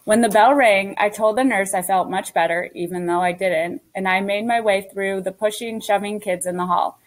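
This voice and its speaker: Woman reader, mid pitch, steady first-person storytelling for a children's book. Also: moderate pace, low-quality recording. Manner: steady storytelling as a young girl. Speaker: audiobook narrator. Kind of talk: scripted first-person audiobook narration.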